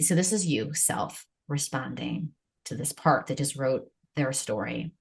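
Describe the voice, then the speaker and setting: A woman hosting a podcast interview, talking in a conversational way and mixing quick asides into a passage she reads aloud. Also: low-pitched, expressive, creaky, breathy edge. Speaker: podcast host.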